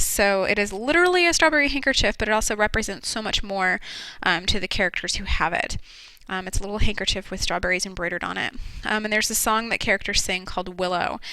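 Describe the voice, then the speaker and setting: A woman's voice: mid-range voice, bright, forceful tone, clear, resonant tone, no room sound, rough recording. A woman teacher giving a casual recorded lecture to her students, explaining terms with frequent ums and restarts. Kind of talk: classroom lecture video.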